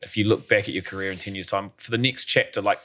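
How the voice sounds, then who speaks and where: A man's voice: fairly low pitch, steady tone, quick pace, pushed and bright. A man hosting a golf podcast, asking long, rambling questions that he rephrases as he goes. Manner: rambling, restates his questions. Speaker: podcast host. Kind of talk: interview questions.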